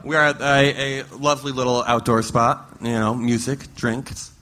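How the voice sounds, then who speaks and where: A man co-hosting a live comedy podcast on stage, telling a story in a halting, rambling way. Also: mid-range voice, steady tone, pushed and bright, slight background noise. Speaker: co-host. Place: live stage show in a venue.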